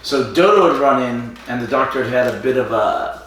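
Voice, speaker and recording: A man co-hosting a casual podcast, chatting over drinks and retelling scenes with quick character voices. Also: mid-range voice, expressive, a bit bright, very echoey, distant mic, a little hiss or hum. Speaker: podcast co-host. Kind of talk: casual chat while drinking.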